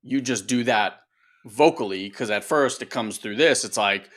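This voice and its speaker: Animated man coaching in casual talk. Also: mid-range voice, normal speed. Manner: animated, acts out voices, conversational. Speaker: coach and co-host.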